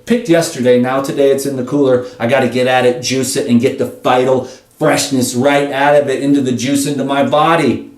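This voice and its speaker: An impassioned man vlogs in a preachy, animated rant and speaks straight to his viewers. His voice sits at an ordinary pitch. He sounds a step back from the mic in a roomy, echoing space. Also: a little fast, recorded from a distance. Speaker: vlogger.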